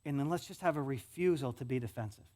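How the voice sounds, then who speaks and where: A male pastor with a West Michigan accent, preaching a sermon in a conversational way, often repeating words and moving between loud stretches and soft ones. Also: medium pitch, quick pace.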